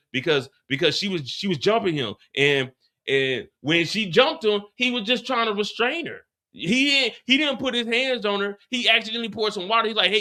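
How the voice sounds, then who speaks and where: High, bright-voiced man recapping a show. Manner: animated, stammering restarts, profane. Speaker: host of a live TV after show. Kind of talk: casual live episode recap.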